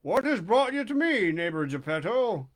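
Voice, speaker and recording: A man's voice: high-pitched, sing-song, normal speed. A man voicing a frightened old carpenter who stutters and trembles, in a storybook reading. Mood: weary.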